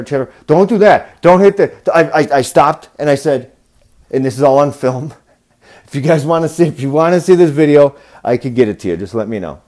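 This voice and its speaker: Podcast host, male, mid-pitch, profane storyteller given to sudden loud rants. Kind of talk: casual storytelling monologue.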